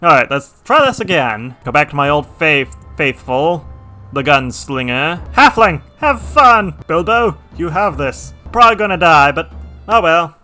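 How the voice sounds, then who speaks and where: A man narrates his strategy game in a casual, dry way and talks to his little soldiers by name. His voice is bright and moves over a wide pitch range, jumping to loud excitement when a fight turns. Faint music plays under him. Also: unhurried. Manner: dry, self-described reserved, bursts into excited yelling at battles. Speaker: gameplay commentator. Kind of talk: casual gameplay commentary.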